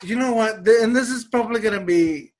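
A man telling a story in casual chat, animated and acting out the people he quotes. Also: high-pitched, a little fast. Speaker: storyteller in a conversation.

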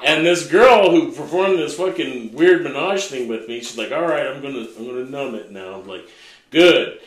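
A man's voice: medium pitch, normal speed, echoey room, rough recording. A man hosting a podcast, telling a crude story with lots of swearing, laughing as he goes among friends. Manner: profane, animated, laughing storyteller. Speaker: podcast host.

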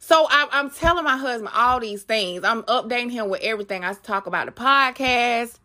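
A woman hosting her own podcast, telling a story in a chatty, animated way and talking straight to her listeners. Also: fairly high pitch, normal speed. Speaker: podcast host.

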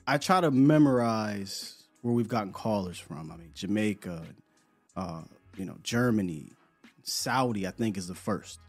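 A man's voice: lowish voice, lively intonation, unhurried, slightly rough, soft background music. A man hosting a live podcast in casual chat, laid-back and slangy, often repeating words as he talks. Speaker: podcast host.

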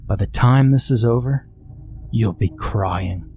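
A man's voice: fairly low pitch, takes it slowly, a little mellow, soft background music. A man voicing a boastful, competitive boy at a summer camp, talking indignantly. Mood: scheming. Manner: indignant, sulky.

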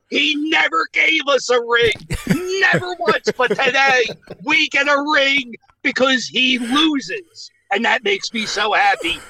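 A high-pitched, bright-voiced man from Philadelphia phones in as a sports superfan. He trash-talks with loud, gleeful bravado, calling in from outdoors in the woods. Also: vocal fry, poor audio. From Philadelphia, USA. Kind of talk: casual phone call banter.

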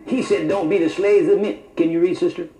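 A man preaching a sermon, quoting scripture slowly and adding mock-approving remarks. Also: sits high, steady tone, dark tone, faint music behind. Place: church. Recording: roomy church hall, faint noise.

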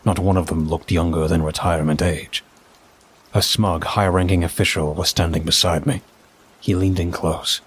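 A man narrating a first-person story in a measured, dry way. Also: low-pitched, fairly even intonation, breathy edge.

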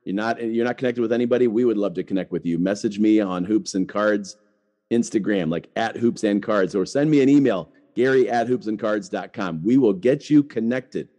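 This podcast host is a middle-aged man whose voice sits lowish and dark, moving at a moderate pace. His delivery is loose and chatty, peppered with "like" and frequent restarts.

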